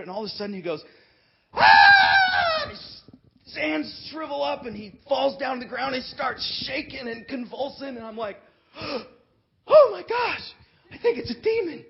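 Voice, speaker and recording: A middle-aged man preaching a sermon as an animated storyteller, bursting into shouts and laughter. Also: high-pitched, gravelly, breathy edge. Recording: dull lo-fi recording.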